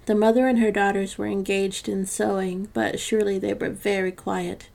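A woman narrating a classic story for a podcast in a measured, gentle reading. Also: mid-range voice, little pitch movement, gravelly.

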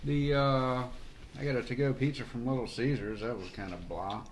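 A man co-hosting a food podcast, recounting a bad takeout order with dry sarcasm. His voice sits at an everyday middle pitch. A faint hiss sits under him. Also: steady tone, moderate pace. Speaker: podcast co-host. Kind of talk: casual chat over a meal.

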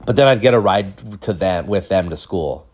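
Low-voiced man telling a rambling comic story. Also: lively intonation, moderate pace, darkish tone, slightly rough. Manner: rambling, jokey, acts out voices. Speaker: podcast storyteller.

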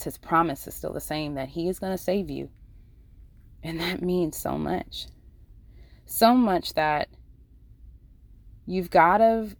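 Earnest low-voiced woman giving a devotional. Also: no echo. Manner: earnest, conversational, with many fillers and restarts. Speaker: devotional podcast host; ICU nurse. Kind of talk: Bible devotional talk.

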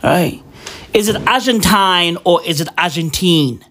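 A man's voice: high-pitched, a little slow, bright, forceful tone. A young man vlogging a profane, rambling, mock-serious rant at home, peppering it with slang. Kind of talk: casual rant to camera. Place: indoors at home at New Year.

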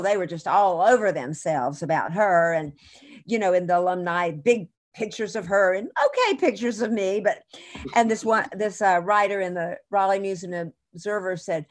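A middle-aged woman guest in an interview, telling chatty, animated anecdotes with frequent restarts. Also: medium pitch, moderate pace. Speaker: actress guest. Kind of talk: casual interview storytelling.

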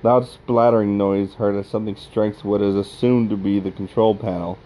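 A man's voice: on the low side, fairly even intonation, normal speed, dark tone, rough recording. A man reading a horror log aloud, giving the stage directions in a plain, matter-of-fact way. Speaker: horror story reader.

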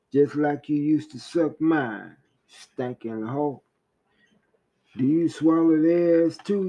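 A man's voice: on the high side, dull audio. A man voicing a furious, foul-mouthed male prisoner who spits crude insults. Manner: profane, spitting insults.

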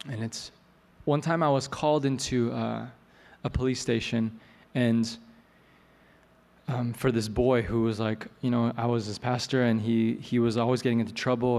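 A man preaching a sermon as a pastor, telling a story in a relaxed, joking way. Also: medium pitch. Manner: conversational, joking asides. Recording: long hall reverb, soft music.

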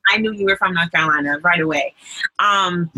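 Telling stories full of fillers, a twenty-something New Yorker with a light local accent chats casually as a guest on a podcast. She talks briskly in a lowish, sharp-toned voice, and the audio is poor.

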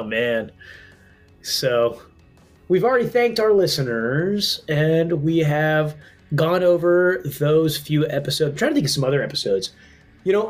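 A man's voice: on the high side, a little mellow. A man co-hosting a casual comedy podcast, rambling with restarts and laughing often. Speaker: podcast co-host and editor.

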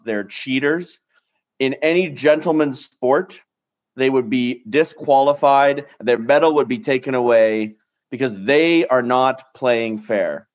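A man's voice: medium pitch, slow pace. A man hosting a podcast chat, emphatic and punchy, often checking in with "right?". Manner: emphatic, talks in bursts with lots of "right?". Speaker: podcast host. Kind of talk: casual conversational interview. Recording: dull lo-fi sound.

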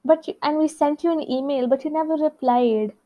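A young woman quoting a brisk, businesslike female college admissions staffer. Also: high voice, voice pushed up, close to an everyday voice. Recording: slightly dull lo-fi recording.

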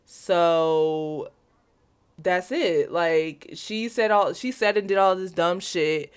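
A woman's voice: lowish voice, takes it slowly, smooth. Blunt, profane young woman podcaster. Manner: blunt, profane, emphatic, repeats "like" constantly. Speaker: podcast host. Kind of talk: casual solo podcast rant.

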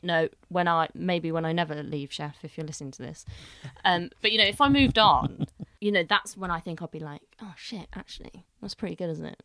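A young woman head chef talks through a story in a relaxed chat, slipping into quoted voices and swearing now and then. Her voice sits a little low for a woman. The sound is close and dry. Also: no room sound. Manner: animated storyteller acting out quotes, swears freely. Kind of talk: casual podcast chat.

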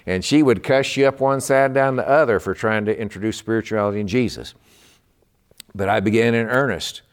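A man from Texas gives a midweek sermon with fervent emphasis, his voice sitting on the low side. He preaches with conviction and an earnest, pressing drive. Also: fairly quick, smooth. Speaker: pastor.

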